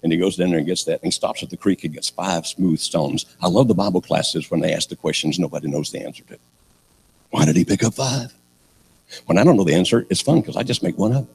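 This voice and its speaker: A man's voice: low voice, fast talker, gravelly, darkish tone, a little hiss or hum. An older man preaching a sermon, telling a story with sarcastic humor and acting out the characters.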